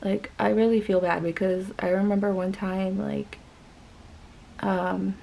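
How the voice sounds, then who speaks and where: A woman's voice: mid-range voice, little pitch movement, measured pace, gravelly, dark tone, poor audio. A young woman vlogger telling a story casually while doing her makeup, rambling with lots of filler words. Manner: chatty, rambling, many "like" fillers. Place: home.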